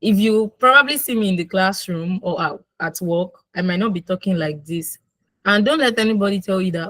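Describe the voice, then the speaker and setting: Fast-talking Nigerian woman mentor. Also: mid-range voice, dry recording, poor audio. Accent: Nigerian English. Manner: fast and animated, acting out quoted exchanges. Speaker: guest mentor. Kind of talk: casual mentoring talk.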